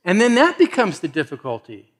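Animated preacher man, slightly high voice. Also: brisk. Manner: animated, swings from loud to hushed; acts out quoted voices conversationally. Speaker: pastor. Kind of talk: sermon.

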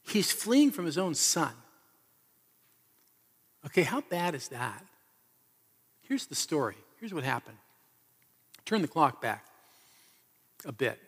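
A man's voice: fairly high pitch, sing-song, slow pace, long pauses, breathy edge. A man preaching a sermon as pastor, telling the story with earnest, emphatic repetition. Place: church hall. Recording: reverberant hall.

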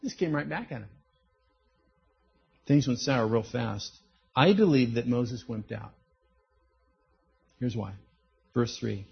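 A man's voice: medium pitch, takes it slowly, vocal fry, pauses often, breathy edge. A man preaching a sermon, telling stories and acting out the voices in them. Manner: animated storytelling, acts out quoted voices. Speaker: pastor. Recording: dull lo-fi recording.

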